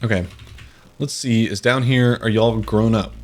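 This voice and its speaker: A man's voice: on the low side, steady tone, measured pace. A young man commenting on his live game stream in a playful, joking, mock-dramatic way. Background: faint game music.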